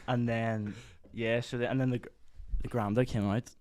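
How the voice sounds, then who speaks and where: A man's voice: medium pitch, little pitch movement, normal speed, a crowd in the background. A young man with a Northern Irish accent, a podcast guest telling stories in casual chat, rambling with lots of fillers and acting out what people said. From Northern Ireland. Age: young adult. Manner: rambling storyteller, lots of "like" fillers, acts out quotes.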